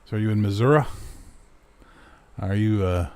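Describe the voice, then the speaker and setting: A man's voice: on the low side, a little slow, pauses often, dark tone. A man from Canada hosting a casual chat show, rambling sarcastically and swearing freely while he answers viewers. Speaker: talk show host. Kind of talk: casual livestream chat reading viewer comments.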